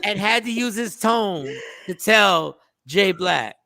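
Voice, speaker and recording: A man hosting a casual morning talk show, telling animated stories with a gravelly voice. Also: high voice, slow pace, no room sound, clean studio sound. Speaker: radio show host.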